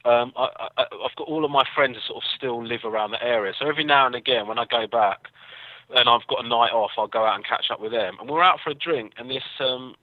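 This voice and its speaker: A man's voice: medium pitch, fast talker, no echo. An English man, a comedian guest, telling rambling self-deprecating stories with lots of fillers in a casual interview. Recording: tinny phone-like line, dry.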